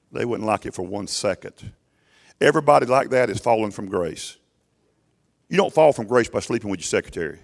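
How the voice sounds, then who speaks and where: A male pastor preaching a sermon emphatically to his congregation, often urging them to listen, his voice swelling loud and falling low. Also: gravelly. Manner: emphatic preaching, rising and dropping sharply in loudness; addresses congregation directly with repeated "listen".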